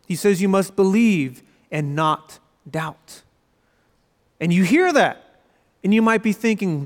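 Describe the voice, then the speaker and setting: A young man preaching a sermon as pastor, conversational and storytelling, with quoted asides. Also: sits high. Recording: long reverb of a large hall.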